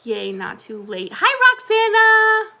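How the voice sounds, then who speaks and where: A woman's voice: very high voice, huge pitch swings, extremely slow, pushed and bright. A woman hosting a casual livestream, chatting with viewers in a rambling way and laughing often. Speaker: livestream host.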